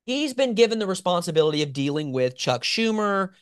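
A man hosts a political commentary show, talking with sarcastic, animated emphasis and mocking asides. His pitch swings widely as he argues. The sound is dry and close. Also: fairly quick, clear, resonant tone, no echo.

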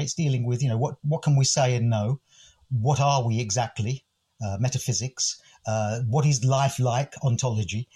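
A man's voice: mid-range voice, a little mellow, slightly rough. An older man from the United Kingdom, a podcast host and interview guest, musing thoughtfully and quoting poets. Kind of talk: reflective interview talk.

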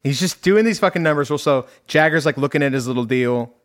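A man's voice: a little high, fast talker. A man co-hosting a podcast, recapping a film in casual chat, swearing freely and laughing often. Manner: profane, laughs often, animated storytelling. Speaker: podcast co-host.

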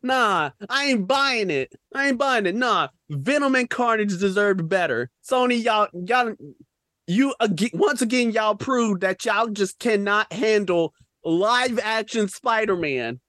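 Animated ranting man, very lively pitch. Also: unhurried, no room sound, clean studio sound. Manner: animated, ranting, rhetorical questions, slang-heavy. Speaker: podcast co-host. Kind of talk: casual film-review rant.

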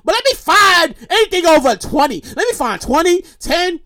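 A woman giving a ranting, comedic news commentary, loud, exasperated and profane, often shouting and running short of breath. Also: very high voice, very animated, normal speed, dry recording, clean studio sound. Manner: acts out others in quoted voices. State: getting breathless, pausing to calm down. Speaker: commentary vlogger.

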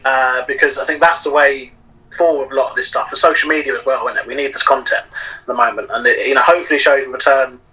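A man chats loosely as a podcast guest, leaning on fillers and looping back on his points. His voice is sharply bright and slightly husky. He sits back from the mic, so he sounds distant over the video call. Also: mid-range voice, fairly even intonation, fast. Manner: rambling, heavy on fillers like "you know". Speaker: wrestling promoter and wrestler. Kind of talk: casual podcast chat.

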